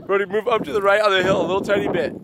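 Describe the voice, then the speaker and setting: A woman's voice: mid-range voice, fairly even intonation, racing. A woman filming her family outdoors in a windy park, calling encouragement and directions to her young kids on a handheld camera. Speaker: parent filming family vlog. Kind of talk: casual family vlog talk. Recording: loud wind noise on the mic. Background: gusting wind.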